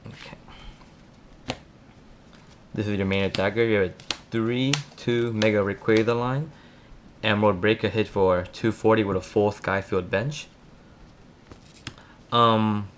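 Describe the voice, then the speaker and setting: Deep-voiced man with a lisp. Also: a bit bright, slight background noise. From Florida. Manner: talks fast, hesitant with ums. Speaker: card game player. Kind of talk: casual deck profile. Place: home room at night.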